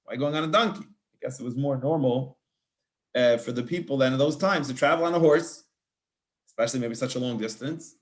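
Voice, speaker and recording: A rabbi teaching a verse-by-verse scripture class, reading Hebrew phrases and translating them in a chatty way with many restarts. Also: male voice, mid-range voice, brisk.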